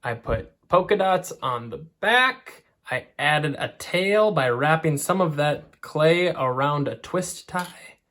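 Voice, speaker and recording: A man's voice: a little high, lively intonation, slow, pushed and bright. A man art teacher talking children through a clay craft, step by step. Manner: friendly, step-by-step instruction.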